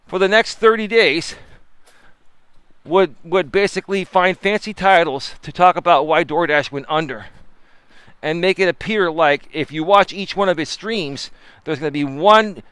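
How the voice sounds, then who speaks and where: Man, life coach live stream, animated and emphatic, higher voice, smooth, dry sound, phone mic. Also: moderate pace, dry recording. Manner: animated, emphatic, talks to chat viewers. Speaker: life coach and livestream host. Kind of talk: casual live-stream talk. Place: walking outdoors with phone.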